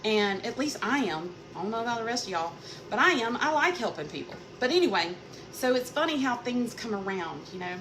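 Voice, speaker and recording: A woman, chatting casually with viewers while she cooks, telling stories and greeting people by name. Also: medium pitch. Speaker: cooking vlogger. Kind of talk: casual live-stream chat while cooking. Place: home kitchen. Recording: noisy background.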